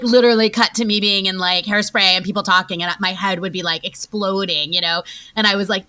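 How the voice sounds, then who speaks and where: A woman in her forties telling stories as an interview guest, chatty and quick, full of "like"s and acted-out quotes. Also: mid-range voice, bright, forceful tone. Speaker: guest actress. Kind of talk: casual interview storytelling.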